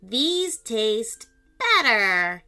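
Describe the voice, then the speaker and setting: Woman voicing a slow cheerful little game robot. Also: a little high, very animated, sharp tone, faint music behind, exaggerated voice. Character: friendly little video game robot with red horn, male.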